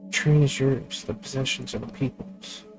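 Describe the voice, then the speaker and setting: Flat-voiced man reading a text game. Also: medium pitch, moderate pace, vocal fry, music in the background, poor audio. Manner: reads game text, then chats in asides. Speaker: gaming channel host. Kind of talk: reading a text adventure aloud with casual commentary.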